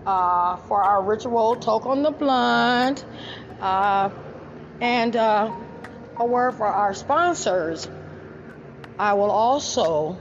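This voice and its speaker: A woman hosting a casual podcast chat, loud and teasing with profane banter. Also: mid-range voice, lo-fi sound, a little hiss or hum. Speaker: podcast host.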